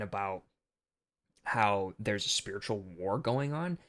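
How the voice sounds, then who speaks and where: A man's voice: lowish voice, expressive, slow, a bit bright. A young man hosting a casual film commentary monologue, earnest and preachy with a rambling delivery.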